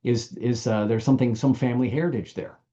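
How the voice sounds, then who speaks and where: A man's voice: mid-range voice, fairly even intonation, fast, dark tone, highs cut off. An older American man giving an informal training talk, folksy and anecdotal, often restarting his sentences. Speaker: business trainer.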